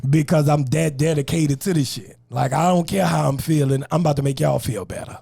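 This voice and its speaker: A man from New Orleans, a comedian guest on a podcast, telling stories in an animated, profane way and acting out the scenes. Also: a little high, a little fast, creaky, husky, dry recording. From New Orleans, USA. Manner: expressive, profane, acts out the scene. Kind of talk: animated comic storytelling.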